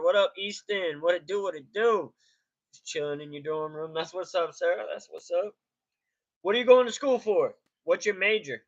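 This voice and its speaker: Male streamer, laid-back, high bright voice, greets chat by name, lo-fi stream sound. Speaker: live stream host. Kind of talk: casual live reaction stream. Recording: dull lo-fi stream audio.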